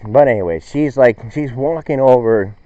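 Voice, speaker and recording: A man's voice: medium pitch, normal speed, mellow, no room sound. A man hosting a show in a casual, rambling monologue, correcting himself and losing the thread. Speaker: host. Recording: dull, dry recording.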